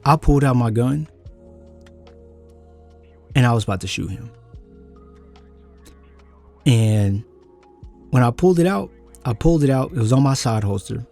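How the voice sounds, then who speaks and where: Man telling a heated story, dark tone. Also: a little slow, gravelly, long pauses, soft background music. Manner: animated, voice jumps high when angry. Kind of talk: casual storytime.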